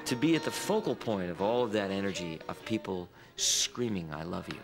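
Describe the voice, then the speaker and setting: A man in an interview, telling his story in an animated way and acting out screaming fans. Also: sits low, normal speed, creaky, loud music behind the voice. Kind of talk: reflective interview recollection.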